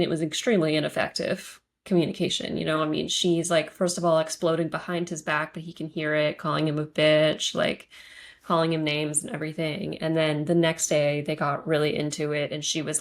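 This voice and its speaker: Low-voiced woman chatting casually. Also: flat delivery, normal speed. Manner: thoughtful, rambling with many fillers. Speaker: podcast co-host. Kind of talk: casual chat.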